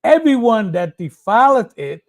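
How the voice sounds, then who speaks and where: A man with a high, lively voice reads scripture aloud in a Bible study. He takes the verses slowly and carefully, with his pitch rising and falling a lot across each line. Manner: slow, careful reading. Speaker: scripture reader.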